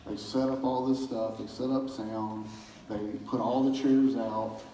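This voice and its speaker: A pastor giving a casual church talk, telling folksy stories with chuckles in a community center hall. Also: male voice, medium pitch, flat delivery, unhurried, mellow, slight background noise. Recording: roomy hall from far off.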